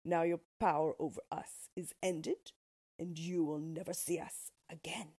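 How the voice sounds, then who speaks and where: Woman doing storybook flying monkeys, slow and breathy, solemn goodbye. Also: deep voice, fairly even intonation, mellow, full character voice.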